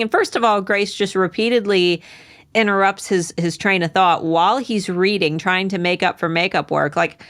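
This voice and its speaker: A woman's voice: mid-range voice, moderate pace, fairly bright tone. Chatty woman retelling a book. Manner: chatty storyteller, acts out quotes. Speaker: podcast co-host. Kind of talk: casual book discussion.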